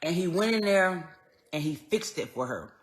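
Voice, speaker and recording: A woman telling a personal story in an earnest, conversational way, going soft and then raised as she relives moments. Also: fairly low pitch, animated, moderate pace. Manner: earnest, conversational, swings between quiet and raised when retelling. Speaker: vlogger.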